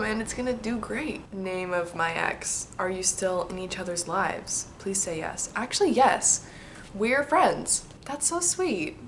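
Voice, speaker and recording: A woman in her twenties reading aloud a letter she wrote to herself and answering its questions in a casual, chatty, excitable and reflective way. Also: mid-range voice, a little slow, a little hiss or hum. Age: 20s.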